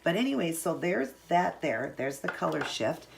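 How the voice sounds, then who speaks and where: A woman hosts her own nail art channel, walking through a tutorial step by step in a chatty, upbeat, casual way. Her voice is low-pitched, sing-song and creaky, at a normal speed.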